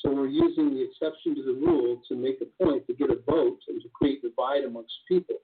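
Man, earnest, casual conversation, frequent restarts, husky voice, tinny phone line. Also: medium pitch, a little fast.

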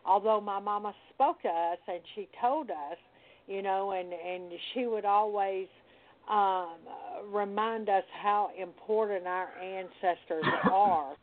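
An older woman from the Deep South, talking casually as a guest, telling stories with emphatic agreement. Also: takes it slowly. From American Deep South. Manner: warm storytelling, emphatic agreement. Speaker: conjure worker, guest. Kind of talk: casual conversation. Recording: tinny phone-line sound.

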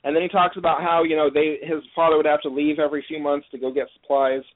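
A man's voice: fairly high pitch, level tone, quick pace. A man with a slightly raised voice casually recaps an episode as a podcast host. He rambles and leans on "you know" between thoughts. The sound is thin and phone-like. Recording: tinny phone-like line.

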